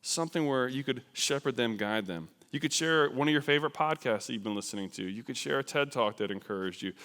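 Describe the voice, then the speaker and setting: A man from New Jersey giving a conversational, animated sermon about missions in a church. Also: mid-range voice, fast talker. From New Jersey, USA. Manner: conversational, animated, self-deprecating. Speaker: missions speaker. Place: church sanctuary. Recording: long hall reverb.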